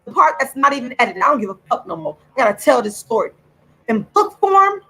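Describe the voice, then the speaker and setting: A woman angrily ranting straight to camera as host of her own channel, swearing and repeating herself with drawn-out, emphatic words. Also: on the high side, sharp tone, slightly rough, low-quality recording. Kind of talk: angry direct-to-camera rant.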